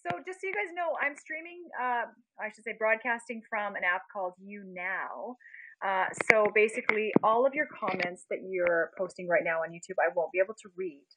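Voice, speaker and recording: A woman's voice: medium pitch, normal speed, noisy background. A young woman from Canada chatting casually on a phone live stream, greeting viewers by name and giggling as she talks. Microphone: phone being propped up.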